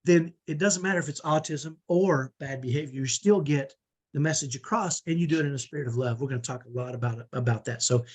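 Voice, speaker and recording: A man's voice: on the high side, quick pace. A middle-aged man hosting a live online parenting training on a video call, earnest and emphatic, often tagging on "right?". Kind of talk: live webinar talk.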